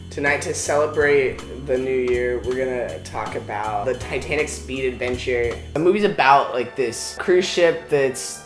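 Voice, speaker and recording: A man's voice: medium pitch, unhurried, hardly any pauses. A man hosting a comedy show, retelling a movie in a loose, rambling way full of "like". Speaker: show host. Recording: echoey room with loud music.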